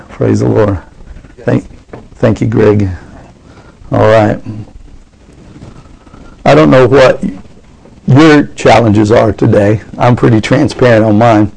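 A man preaching a sermon as pastor, fervent and rising into excited preaching. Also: mid-range voice, gravelly, breathy edge, poor audio.

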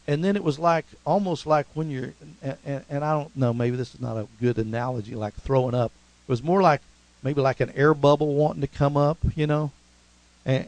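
A man's voice: a little high, dry recording, low-quality recording. A man preaching a sermon in a chatty, storytelling way, with frequent "amen" and "you know" and a touch of humor. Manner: humorous asides. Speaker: pastor.

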